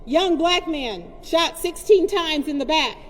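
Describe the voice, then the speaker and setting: A woman's voice: high-pitched, lively intonation, a little slow, big-room sound. Impassioned woman addressing a protest crowd. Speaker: rally speaker. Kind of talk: protest speech.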